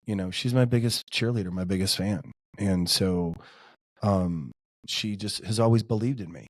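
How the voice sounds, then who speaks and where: A man in his forties speaks as a podcast guest, his voice sitting a little low. He talks earnestly and from the heart, leaning on casual fillers as he goes. The sound is dry and close. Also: normal speed, no echo. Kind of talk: casual interview chat.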